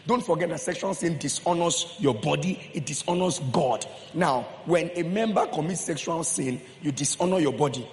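A man preaches with emphatic repetition, pressing his listeners with questions. His voice sits a touch high for a man. Long reverb from the hall trails his words, over a faint wash of room noise. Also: normal speed, hardly any pauses. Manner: emphatic, repeats phrases, questions the congregation. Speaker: pastor. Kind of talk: sermon.

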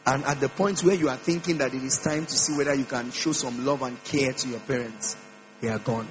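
A man preaching a sermon in a church, emphatic, repeating phrases and swinging his pitch up and down. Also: fairly even intonation, fairly quick, low-quality recording. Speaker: pastor. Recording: mains hum with faint music behind.

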